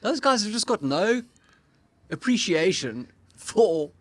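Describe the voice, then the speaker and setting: A man co-hosting a rugby podcast in relaxed, playful banter. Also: sits high, slow pace, dry recording. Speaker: rugby pundit co-host.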